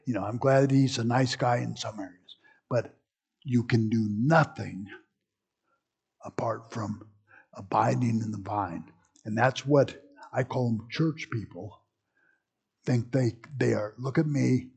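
Pastor, male, gravelly and husky, slow conversational sermon delivery with teaching asides. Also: mid-range voice, a little mellow.

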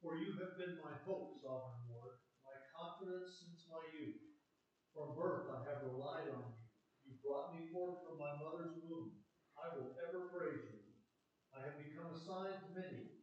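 A man reading scripture aloud in a steady, measured way, heard echoey and muffled from far off the mic. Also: fairly high pitch. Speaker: scripture reader.

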